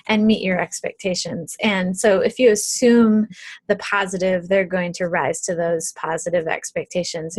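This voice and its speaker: A woman's voice: mid-range voice, dry recording. Chatty woman teaching parents, dry sound. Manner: conversational, many ums and restarts. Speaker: early childhood educator. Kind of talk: video tutorial for parents.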